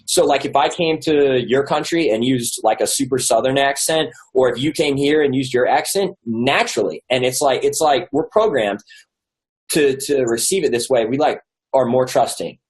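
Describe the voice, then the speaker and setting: Guy, author guest, chatty storyteller, filler-heavy, mid pitch. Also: moderate pace, rough recording. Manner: rambling with many likes and restarts. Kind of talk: casual storytelling interview.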